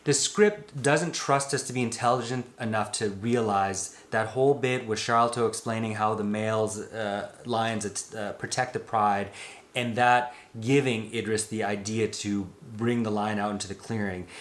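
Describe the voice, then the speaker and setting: A man's voice: on the low side, steady tone, moderate pace, reverberant. A man co-hosting a film review podcast, opinionated and casual, citing older films. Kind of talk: casual chat.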